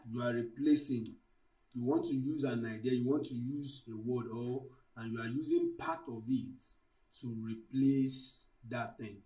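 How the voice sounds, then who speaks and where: A man's voice: mid-range voice, very animated, measured pace, dark tone, distant mic, poor audio. A man tutoring students for exams, lecturing on figures of speech and explaining each term through worked examples. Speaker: literature tutor. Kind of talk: exam-prep lecture.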